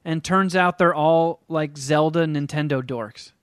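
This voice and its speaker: A man's voice: on the high side, unhurried, smooth, dry recording, clean studio sound. A man chatting casually as a podcast co-host, crude and rambling, restarting often. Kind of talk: casual chat.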